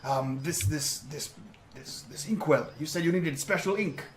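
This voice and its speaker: A man voicing a gruff, shifty elderly shopkeeper in a tabletop game, muttering and hesitant as he rummages for wares. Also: fairly high pitch, a little slow, natural voice. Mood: scheming.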